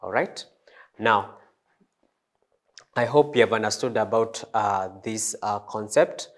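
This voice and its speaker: A man teaching a French language lesson, slow and hesitant, with many fillers and restarts. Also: on the low side. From East Africa. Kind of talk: classroom lesson.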